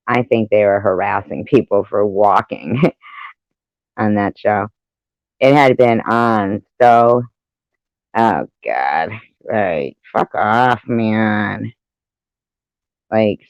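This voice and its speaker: A man's voice: lowish voice, dry recording. A man chatting casually in an online voice room, laughing often and swearing freely. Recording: dull lo-fi sound.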